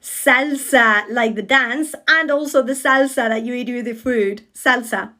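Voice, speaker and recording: A woman's voice: fairly high pitch, unhurried, sharp tone. A woman giving a short pronunciation lesson, correcting words in an emphatic, playful way. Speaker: Spanish teacher.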